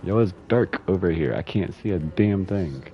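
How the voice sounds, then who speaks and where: A man's voice: low voice, moderate pace, highs cut off, soft background music. A young man streaming a game, casually reading in-game letters aloud with laughing, swearing commentary.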